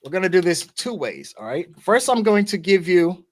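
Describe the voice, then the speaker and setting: An American podcast host leads a casual discussion loosely and conversationally, with many restarts and "okay?" asides. His high-pitched voice is very animated at a moderate pace.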